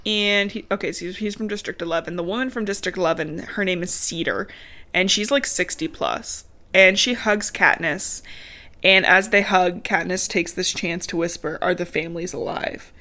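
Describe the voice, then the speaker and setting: A woman's voice: lowish voice, moderate pace, bright, forceful tone. A woman, chatting casually on a podcast as she recaps a book, laughing often and swearing freely. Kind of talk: casual chat.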